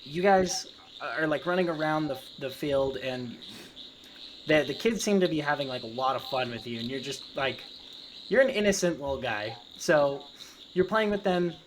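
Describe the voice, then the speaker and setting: A man's voice: a little high, lively intonation, moderate pace, a little hiss or hum. A man narrating as game master with rambling, filler-heavy descriptions.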